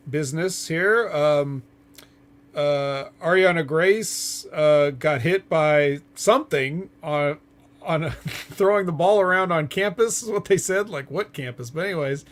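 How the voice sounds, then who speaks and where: A man with a somewhat raised voice co-hosts a relaxed podcast, walking through a recap. He hesitates often and fills pauses with ums and uhs as he goes. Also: fairly high pitch. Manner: hesitant, filler-heavy recapping. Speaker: co-host.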